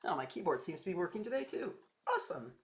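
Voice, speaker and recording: A woman's voice: lowish voice, very animated, fast talker. A woman photographer chatting casually as she edits her photos, muttering names to herself between chatty asides. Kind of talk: casual chat while working.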